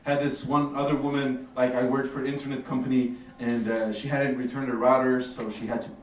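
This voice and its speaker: A man's voice: mid-range voice, level tone, brisk. A man doing a stand-up comedy set in a café, talking in a laid-back, swearing way with lots of fillers. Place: café stage with audience. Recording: roomy, distant, noisy room recording.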